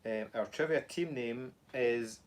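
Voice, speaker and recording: A man's voice: medium pitch, unhurried, slight background noise. A man with a Scottish accent co-hosting a casual live stream, joking around and reading viewer comments aloud. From Scotland. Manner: jokey, rambling, reads viewer comments aloud. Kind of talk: casual chat.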